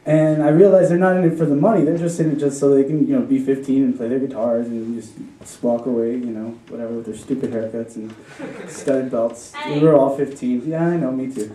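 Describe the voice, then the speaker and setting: At a live story slam, a young Chicago man with a medium-pitched, steady, mellow voice tells a rambling, profane story a little fast, laughing along the way. The roomy recording is taken from far off in front of an audience, with slight background noise.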